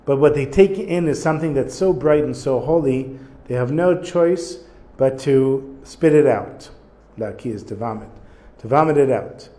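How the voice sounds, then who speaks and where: A man teaching a religious text, reading short Hebrew passages and then explaining them in relaxed, plain English while thinking aloud. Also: mid-range voice, normal speed. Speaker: Torah teacher. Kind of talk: casual text study lesson.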